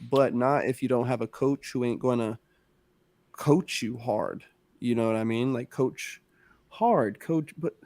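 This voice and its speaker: A man on a podcast, talking casually about coaching and raising kids. He rambles in a relaxed, slangy way, recorded close and dry with no room sound. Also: medium pitch, dry recording. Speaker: podcast co-host, former youth coach.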